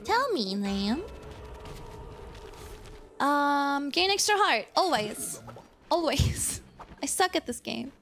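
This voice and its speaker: A young-sounding woman streams a game from home, her voice high and her delivery unhurried. She giggles a lot, talks to her chat, and hiccups now and then. Soft game music plays faintly under her. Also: big pitch swings. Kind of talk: casual gameplay commentary.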